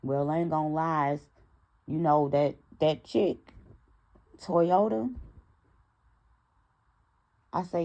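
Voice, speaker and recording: Young woman, low voice, gravelly fry, casual storytime vlog, animated, talks straight to viewers. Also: slow, long pauses, dull audio. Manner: animated, talks straight to her audience, acts out quoted dialogue. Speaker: storytime vlogger.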